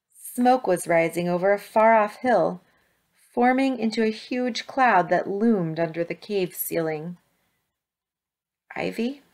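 A woman narrates a children's storybook aloud in a steady, expressive way. Her voice sits fairly low. The reading is paced for listeners to follow the story.

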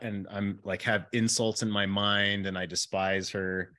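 A man hosting a coaching conversation, animated and acting out example phrases. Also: lowish voice, moderate pace, hardly any pauses. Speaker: relationship coach and host.

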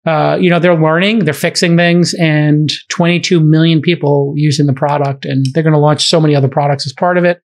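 A middle-aged man with a slightly higher voice hosts a podcast. He tells stories in casual chat, animated and often breaking into laughter. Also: fairly quick, hardly any pauses. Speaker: podcast host.

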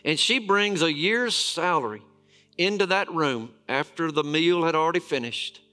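Male pastor preaching; bright, slightly high, dramatic pauses. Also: faint music behind. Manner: storytelling preacher, dramatic pauses and emphatic repetition. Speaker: lead pastor. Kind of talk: sermon.

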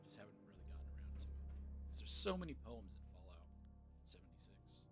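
A man's voice: lowish voice, sing-song, quick pace. A man giving casual let's play commentary with musing asides. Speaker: gamer. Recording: game music playing underneath.

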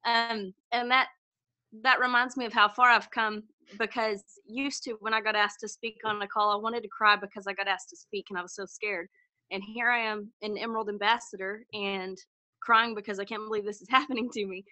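A woman's voice: mid-range voice, flat delivery, normal speed, sharp tone, dry recording, rough recording. A woman telling her story on a conference call, chatty and self-deprecating, rambling with ums. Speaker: newly promoted team member sharing her story.

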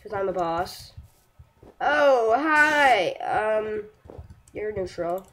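A young woman chatting through her own gameplay, excitable and self-mocking, yelping and shouting at enemies between slow, rambling remarks. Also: medium pitch, noisy background. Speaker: gameplay streamer. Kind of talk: casual live commentary while playing a game.

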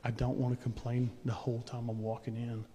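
Folksy preacher in a reverberant church. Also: male voice, medium pitch, completely flat delivery, fairly quick, mellow. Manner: folksy, conversational preaching with chuckles and asides. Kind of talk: sermon. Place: church sanctuary.

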